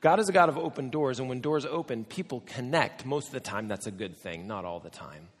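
A middle-aged American man preaches a sermon in a large church or conference hall, his medium-pitched voice lively and a little fast with a breathy edge. He tells a story, tossing joking asides to the audience, and the recording carries a long hall reverb.

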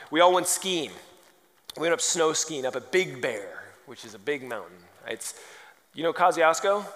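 A man's voice: mid-range voice, fairly bright tone. A man preaching a sermon, firing off rhetorical questions and telling humorous stories. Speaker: pastor. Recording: long hall reverb.

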